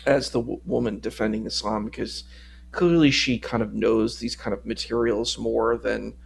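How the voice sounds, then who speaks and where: Man, stream guest, casual discussion, critical, rambling, gravelly. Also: mid-range voice, steady tone, normal speed, slight background noise.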